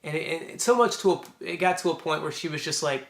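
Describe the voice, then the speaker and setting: A man's voice: a little high, brisk, gravelly, few pauses, a bit bright. A young man telling a personal story to camera, rambling and reflective with frequent restarts. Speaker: vlogger. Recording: echoey room.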